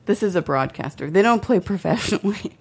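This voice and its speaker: A woman's voice: mid-range voice, animated, brisk, gravelly, darkish tone, husky. A tipsy woman co-hosting a casual chat show, reading out a news story and laughing often as she rambles. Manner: laughs often, loose and rambling after drinking. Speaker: podcast co-host.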